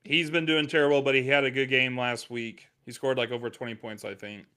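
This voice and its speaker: An American man co-hosting a live fantasy football show, relaxed and reading out viewer questions. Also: mid-range voice, brisk, smooth. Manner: laid-back, reads viewer questions. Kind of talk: casual live podcast chat.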